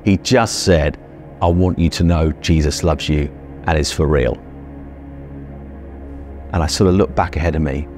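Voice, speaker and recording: A middle-aged man with a British accent and a very deep voice earnestly recounts a personal experience, voicing his own past thoughts as he goes. Soft music plays faintly underneath. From Britain. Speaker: guest telling his story. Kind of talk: personal storytelling interview.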